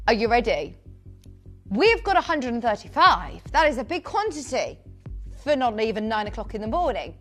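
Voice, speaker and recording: A woman's voice: sits high, fairly bright tone. A woman presenting live on a shopping channel, chatty and upbeat, calling out buyers' names. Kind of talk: live TV sales pitch.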